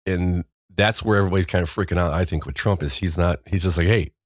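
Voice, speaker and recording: A deep-voiced man hosts a casual news podcast, wandering through stories with a wry, offhand humor. He often trails off mid-sentence. His voice sits close to a dry, dead mic. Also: fast, dry recording. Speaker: podcast host.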